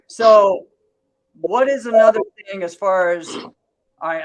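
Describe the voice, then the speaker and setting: A man's voice: on the high side, low-quality recording. Chatty man with a raised voice. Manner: laughs often, relaxed and chatty. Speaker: host. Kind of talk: casual podcast chat.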